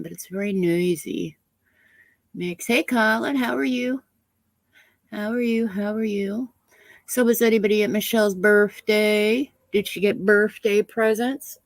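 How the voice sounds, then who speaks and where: A woman's voice: mid-range voice, gravelly, no room sound, low-quality recording. A woman chatting casually on a live stream from home, congested from a head cold, rambling and laughing often as she greets viewers by name. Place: small room at home.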